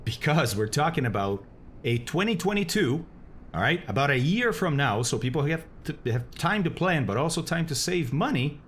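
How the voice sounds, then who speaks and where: A male flight-sim streamer talks casually to his viewers, thanking them and reading chat aloud. His pitch moves around animatedly and he laughs easily. A faint hum of noise sits under the home recording. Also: big pitch swings, moderate pace, a bit bright. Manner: chatty, reads chat aloud, laughs often.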